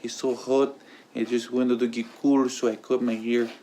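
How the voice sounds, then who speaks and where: A man's voice: mid-range voice, level tone, moderate pace, mellow, a little hiss or hum, close to an everyday voice. Pedro, a laid-back mumbly teen boy, as a man puts him on.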